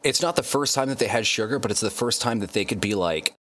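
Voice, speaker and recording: A man with a somewhat low voice talks through facts on a casual podcast. His delivery is laid-back and conversational, with casual swearing mixed in. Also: quick pace, fairly bright tone. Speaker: podcast guest presenting facts.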